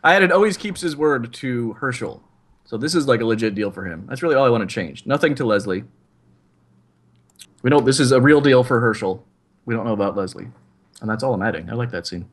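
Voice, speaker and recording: An easygoing man talks through his turn in a tabletop story game. His voice sits at an average pitch but moves around a lot, and he laughs easily. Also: a little fast. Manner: laughing, relaxed. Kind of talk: casual game chat.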